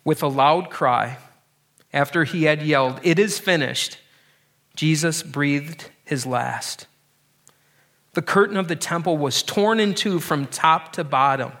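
A man delivers a sermon in an earnest, emphatic manner. His voice sits a little higher than most men's. He often repeats words as he presses a point and sinks low and slow on the weightiest lines. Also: a bit bright. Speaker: pastor.

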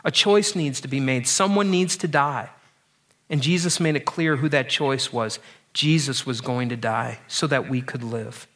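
A man preaching a sermon, earnest and emphatic, often repeating words and dropping low and slow on key lines. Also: a bit bright. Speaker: pastor.

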